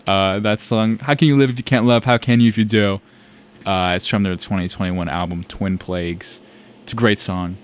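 Young male college radio host from South Carolina; low-pitched, loose and excitable, keeps restarting his sentences. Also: moderate pace. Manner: rambling, self-correcting, enthusiastic. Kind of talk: casual radio chat.

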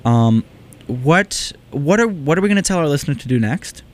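A man's voice: a little high, animated, moderate pace. A man co-hosting a podcast in casual chat, playful and rambling with jokey asides. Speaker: podcast co-host.

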